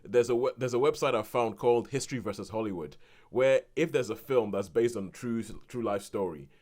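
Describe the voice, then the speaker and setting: On a podcast, a man casually reviews a film, rambling and restarting often, and he becomes animated whenever he quotes someone. His pitch is medium and his pace a little fast.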